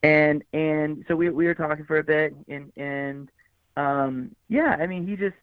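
A man's voice: a little high, steady tone, measured pace, smooth, no echo. A man telling stories in an interview as a guest musician, rambling with many fillers and restarts and acting out what people said. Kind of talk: conversational storytelling interview. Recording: tinny phone-like line, dry.

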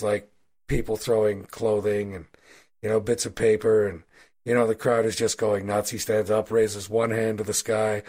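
A man narrating a tabletop role-playing game as game master, telling a fight scene in a loose, animated, swearing way. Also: fairly low pitch, gravelly, husky. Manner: animated, swearing, casual storytelling.

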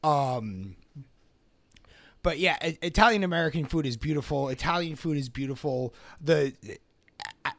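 A man's voice: a little high, lively intonation, normal speed, pauses often, a bit bright, dry recording. A young man hosting a podcast, talking in a loose, blunt way with lots of fillers. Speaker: podcast host, restaurant owner. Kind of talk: casual podcast chat.

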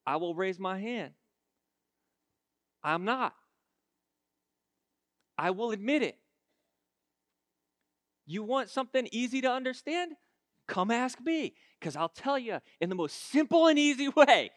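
A man preaching a sermon, emphatic and repetitive, building to shouts, with casual self-deprecating asides. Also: extremely high pitch, very animated, unhurried, long pauses, no room sound.

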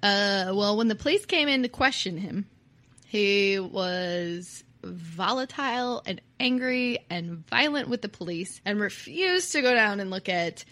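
A woman's voice: mid-range voice, lively intonation, unhurried, fairly bright tone, no room sound. A woman co-hosting a podcast, telling a true-crime story in a casual, chatty way and laughing often. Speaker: podcast co-host.

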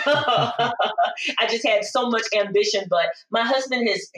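A woman guest in an interview, reflecting on her life in an expressive, storytelling way, full of restarts and "you know". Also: medium pitch, recorded from a distance. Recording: roomy sound, voice off-mic.

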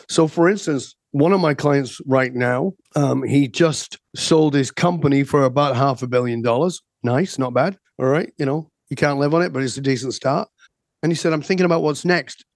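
In a podcast interview, a male guest coach shares stories and poses rhetorical questions. His voice is mid-range and recorded without echo.

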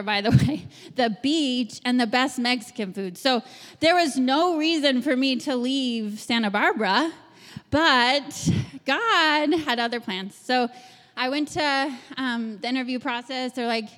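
A woman in her thirties giving a lively personal testimony to a group, acting out quoted lines and laughing often. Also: high-pitched, big-room sound. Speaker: speaker sharing her testimony.

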